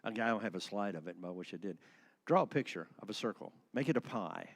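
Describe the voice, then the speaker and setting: A man in his sixties giving a lively church class talk, acting out voices and laughing often. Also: on the low side, quick pace. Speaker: church speaker on marriage.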